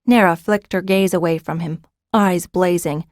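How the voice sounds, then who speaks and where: A woman narrating a fantasy audiobook in an even, measured reading. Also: fairly low pitch, no room sound, clean studio sound. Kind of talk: scripted narration.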